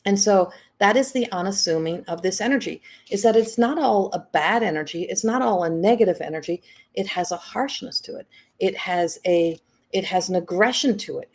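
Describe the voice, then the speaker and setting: A woman's voice: fairly low pitch, darkish tone. A middle-aged woman hosting a live-stream energy reading, reflective and repeating her phrases as she goes. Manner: reflective, repeats phrases, reads viewer comments. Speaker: psychic reading host.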